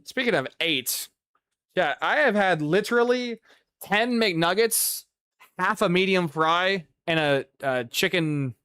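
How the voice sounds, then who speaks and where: A man's voice: sits high, lively intonation, takes it slowly, sharp tone, clean tone, no echo, clean studio sound. A young man livestreaming a football game, rambling and ranting with lots of profanity in casual chat. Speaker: gaming streamer.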